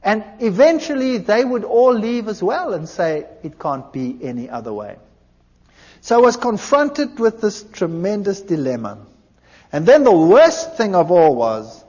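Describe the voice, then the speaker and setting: A man giving a personal testimony, telling his story in an animated way and acting out the dialogue. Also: high voice, measured pace. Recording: dull lo-fi recording in a large reverberant hall.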